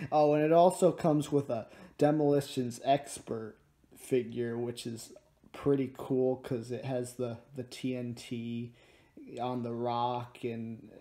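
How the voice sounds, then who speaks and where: A man's voice: medium pitch, dark tone. A teenage boy reviewing a building toy set in a jokey, rambling way, recorded on a phone at home. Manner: rambling, jokey, drops into mumbles. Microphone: phone camera.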